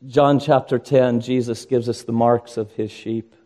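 A man's voice: mid-range voice, steady tone, a little slow, warm tone. An older man preaching a sermon as pastor, earnest and rising to impassioned emphasis.

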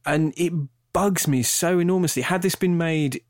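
A man's voice: a little high, moderate pace, dry recording. Chatty British man, very dry sound. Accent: British English. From Britain. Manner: animated, rambling, self-interrupting. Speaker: film podcast co-host. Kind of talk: casual chat about films.

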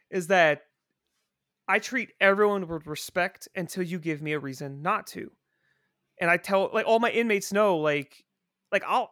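A man with a fairly high, bright voice talks in a loose, rambling way, swearing freely but staying earnest. The sound is dry and close to the mic, with no room around it. It is a casual podcast chat with friends. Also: no room sound. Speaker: podcast guest, prison supervisor.

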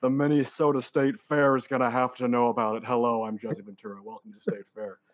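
A man doing a slow gruff ex-wrestler politician. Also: mid-range voice, flat delivery, dry recording, highs cut off, natural voice. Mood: bombastic. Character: gruff former wrestler turned politician, conspiratorial.

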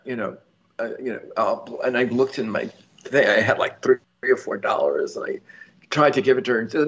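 A man's voice: medium pitch, normal speed, a bit bright, lo-fi sound. A man guest in an interview, telling a long story in a rambling, chatty way with many fillers and restarts, laughing easily. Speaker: lottery winner guest.

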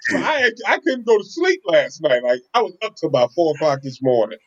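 Animated man telling a story. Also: fairly high pitch, a little fast. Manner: animated, laughs often, acts out quotes. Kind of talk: casual storytelling chat. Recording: slightly dull lo-fi sound.

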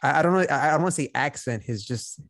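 A man's voice: mid-range voice, expressive, quick pace, a bit bright. A man co-hosting a casual podcast, laid-back and slangy with frequent swearing. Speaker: podcast co-host. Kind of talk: casual movie discussion.

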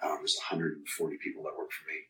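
A very low-voiced man talks through his story as a guest, frank and loose, cursing freely. He sounds roomy and set back from the mic. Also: completely flat delivery, very fast, sharp tone, distant mic. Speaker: podcast guest. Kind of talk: casual storytelling interview.

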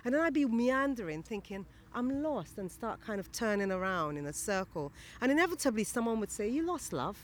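Animated woman telling stories. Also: fairly high pitch, brisk, few pauses, slight background noise. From born in Britain, raised in Guyana. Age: 50s. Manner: animated, acts out quoted voices, many fillers and restarts. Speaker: interviewee. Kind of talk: casual storytelling interview.

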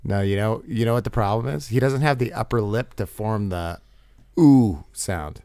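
A man's voice: fairly low pitch, normal speed, mellow, no room sound, clean studio sound. A man teasing his friends at a dinner table with a wry manner. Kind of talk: casual banter at a dinner table.

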